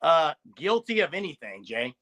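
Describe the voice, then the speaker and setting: A man's voice: on the high side, very animated, normal speed, sharp tone. A man co-hosting a live sports podcast, speaking in an insistent, defensive way and repeating words as he pushes his point. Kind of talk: casual live-stream sports talk.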